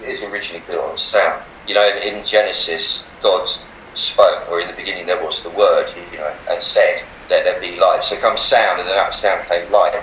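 An older man, a healer and meditation teacher, telling animated stories in an interview and laughing often. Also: sits low, fairly quick. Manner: animated anecdotes, laughs often, acts out voices in quotes. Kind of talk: storytelling in a relaxed interview. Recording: roomy, slightly distant mic with faint background noise.

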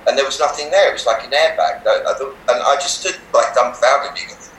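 An older man, a healer and meditation teacher, telling animated stories in an interview and laughing often. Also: mid-range voice, fairly quick. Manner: animated anecdotes, laughs often, acts out voices in quotes. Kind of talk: storytelling in a relaxed interview. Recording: roomy, slightly distant mic with faint background noise.

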